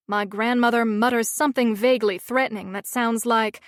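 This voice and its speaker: A woman's voice: on the high side, steady tone, normal speed, hardly any pauses, no room sound, clean studio sound. A woman narrating a romance audiobook in the first person, with a wry, sardonic manner.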